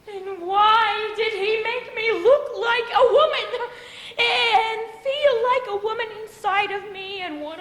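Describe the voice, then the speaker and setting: A woman playing a very high, childlike grown daughter. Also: fairly bright tone. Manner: pleading, earnest, childlike. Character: childlike, emotionally fragile adult daughter. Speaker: stage actor. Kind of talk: live stage play. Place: theater stage. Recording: reverberant theater from far off.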